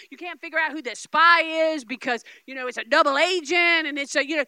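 A middle-aged woman preaching a Pentecostal sermon as a guest speaker, emphatic, repeating words and swinging between loud shouts and quiet asides. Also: very high-pitched, dry recording. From Oklahoma, US.

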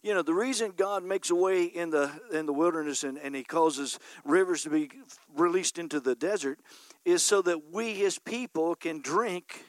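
A man's voice: high voice, dry recording. A man preaching a sermon as a pastor, emphatic and repeatedly calling out to the congregation for an "Amen". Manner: emphatic preaching, punctuated by frequent call-outs of "Amen?".

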